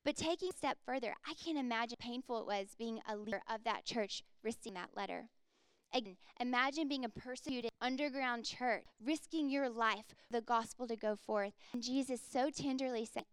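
A woman's voice: fairly high pitch, moderate pace, clear, resonant tone, no room sound. A woman in her thirties preaching a sermon as a pastor, earnest and conversational, with frequent casual fillers.

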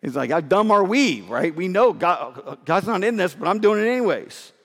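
A male pastor preaching a sermon in an emphatic, conversational way, hoarse and short of breath from losing his voice. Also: high voice, sing-song, normal speed, a bit bright, big-room sound.

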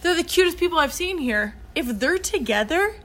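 A woman's voice: extremely high pitch, lively intonation, normal speed, fairly bright tone. A woman in her thirties co-hosting a casual podcast, telling a story in a bubbly, gushing way. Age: 30s. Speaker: podcast co-host. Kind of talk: casual chat.

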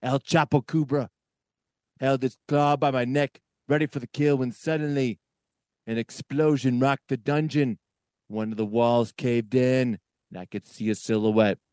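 A boastful, rambling older politician, as a man puts him on, telling a tall tale full of self-corrections. The voice sits at a middle pitch. The sound is close and dry. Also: fairly even intonation, a little slow, dark tone, clean tone, no echo, lightly acted. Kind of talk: comedy impression narrating a story.

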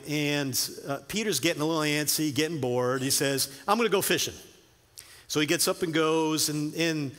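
A man preaching a sermon in a slightly high voice, shifting between earnest exhortation and relaxed, lively storytelling. His voice rings through a hall with a long reverb. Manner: conversational, animated storytelling with filler words and restarts. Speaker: pastor.

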